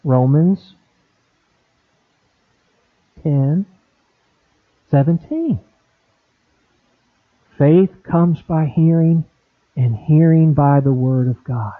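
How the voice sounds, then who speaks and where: A middle-aged pastor preaching a sermon, animated, acting out quoted conversations with big swings in voice. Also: male voice, fairly high pitch, extremely slow, pauses often, dry recording. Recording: dry, tinny phone-like sound.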